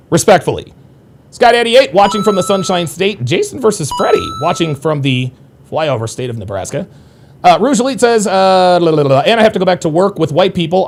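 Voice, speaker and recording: High-pitched, animated man hosting a live stream. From United States. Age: adult. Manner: profane, combative when angered. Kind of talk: live stream chat, reading viewer comments.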